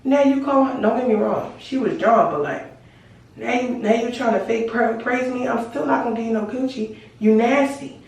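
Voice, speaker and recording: A teenage vlogger tells a story straight to camera in blunt, casual chat, swearing freely and slipping into other people's lines. Her slightly high, creaky, somewhat mellow voice moves at normal speed, captured by a distant camera mic in a very echoey room.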